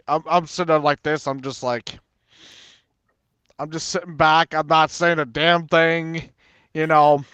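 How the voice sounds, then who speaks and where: Panelist, man, rambling filler-heavy storyteller; fairly high, smooth, dry. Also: fairly bright tone, no echo. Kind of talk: casual chat.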